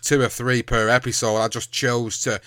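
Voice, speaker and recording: A man's voice: mid-range voice, level tone, moderate pace, pushed and bright, no room sound. A man co-hosting a podcast, rambling cheerfully with frequent laughs and restarts. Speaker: podcast co-host and editor. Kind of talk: casual chat.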